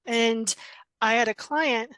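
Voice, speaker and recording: Middle-aged woman coach talking as a podcast guest in a casual interview. She speaks in a blunt, direct way and acts out quoted dialogue with animation. Her voice sits slightly high, and the recording is dry and close. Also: slow, fairly bright tone, no room sound.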